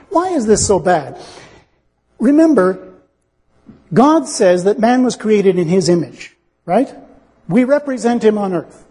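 Man, preacher, sermon, earnest, reasoning, high voice, husky. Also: lively intonation, a little slow, pauses often, dark tone, long reverb tail. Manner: earnest, reasoning, acts out dialogue.

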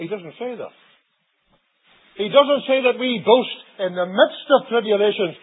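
Male preacher, husky high voice, dramatic loud-soft swings; old narrow-band sermon recording. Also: measured pace. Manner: dramatic swings between loud emphatic lines and low quiet asides.

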